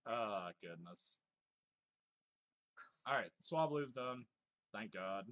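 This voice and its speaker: A man's voice: mid-range voice, lively intonation, extremely slow, a bit bright. A man casually commenting on his gameplay and reading chat aloud, swearing freely, laughing often and joking in mock exasperation. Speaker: live streamer.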